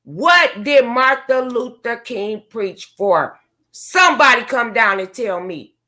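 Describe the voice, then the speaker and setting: A woman's voice: fairly high pitch, lively intonation, slow pace, pushed and bright. A woman vlogger, delivering a profane, confrontational rant to her viewers. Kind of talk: angry rant to camera.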